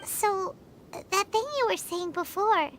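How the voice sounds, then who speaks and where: A woman's voice: very high voice, slow pace, slight background noise, heavily acted. A woman voicing a small, curious fairy companion in a video game who refers to herself in the third person. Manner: bright, inquisitive, talks about herself in the third person. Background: game music.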